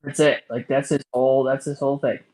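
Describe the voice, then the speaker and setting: A man's voice: mid-range voice, level tone, brisk, a little mellow, poor audio. Dismissive male co-host. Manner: dry, dismissive. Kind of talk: casual commentary.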